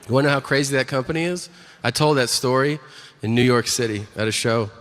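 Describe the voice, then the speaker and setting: A middle-aged man doing a stand-up comedy set, profane, acting out both sides of conversations. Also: fast talker. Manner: profane, acts out both sides of dialogues with low voices. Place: comedy venue stage. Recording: live stage set with long reverb and faint room noise.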